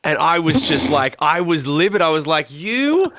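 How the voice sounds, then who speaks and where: A man's voice: fairly high pitch, steady tone, normal speed, sharp tone, a little hiss or hum. An Australian man co-hosting a podcast, telling stories in a casual, profane, ranting way. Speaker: podcast co-host.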